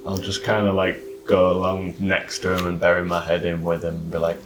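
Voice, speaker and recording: A man's voice: deep voice, completely flat delivery, brisk, far from the mic. Man playing a character. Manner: playful in-character talk using "aye" and "wee". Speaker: player. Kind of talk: playing a character at a tabletop game. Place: rented lodge room. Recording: echoey room with faint noise.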